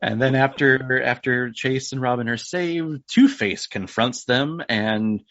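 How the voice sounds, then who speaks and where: A man guesting on a casual podcast, recapping a movie in a relaxed way and chuckling often. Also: mid-range voice, unhurried, no echo. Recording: dry, dull lo-fi remote audio.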